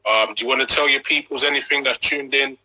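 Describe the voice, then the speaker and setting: A man's voice: mid-range voice, steady tone, fast, bright, forceful tone, poor audio. A man hosting a casual interview show, enthusiastic and slangy, often restarting his sentences. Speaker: host.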